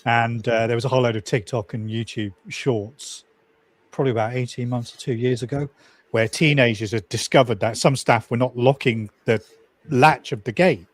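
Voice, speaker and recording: Dry-sounding man explaining in a calm voice. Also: mid-range voice, normal speed, dry recording. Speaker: panel guest, railway station staff. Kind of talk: casual chat. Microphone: video call panel.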